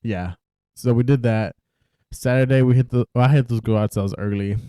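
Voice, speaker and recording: A man's voice: medium pitch, fairly even intonation, a little fast, warm tone, clear, resonant tone, no echo, studio quality. A young man co-hosting a podcast, easygoing and chuckling between lines. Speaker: podcast co-host. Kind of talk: casual chat.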